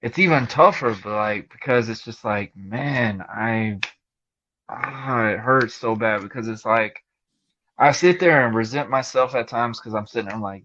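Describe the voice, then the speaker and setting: A man's voice: medium pitch, measured pace, pushed and bright, dull audio. A man hosting a casual podcast conversation, talking candidly and emotionally with lots of fillers. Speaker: podcast host.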